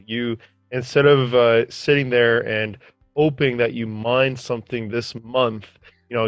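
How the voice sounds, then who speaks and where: A man hosting a casual interview, speaking relaxed with many fillers. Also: medium pitch, dry recording. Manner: relaxed, uses fillers and frequent "you know". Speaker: podcast host. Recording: dry, dull lo-fi audio with faint music.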